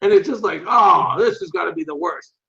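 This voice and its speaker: An older man with a high-pitched voice tells animated stories in a casual interview. He acts out what other people said and swears freely. The recording sounds muffled and lo-fi. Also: a little fast, vocal fry. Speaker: interview guest, martial arts instructor. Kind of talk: casual storytelling.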